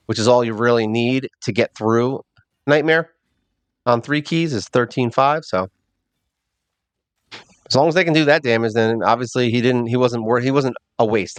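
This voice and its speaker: A man hosting a mobile game channel, giving casual, rambling gameplay commentary and thinking out loud with a self-mocking streak. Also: mid-range voice, clean tone, dry recording.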